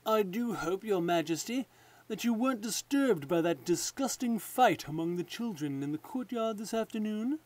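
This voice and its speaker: A man voicing a scheming courtier lord who talks in a smooth, falsely courteous way. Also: sits high, animated, moderate pace, a little mellow, pitched above the performer's own voice. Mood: sly.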